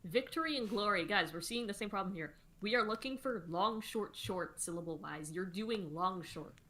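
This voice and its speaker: A woman's voice: mid-range voice, expressive, fairly quick, a bit bright. A woman co-hosting a casual livestream, explaining lyric meter and rhyme in detail. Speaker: songwriter co-host.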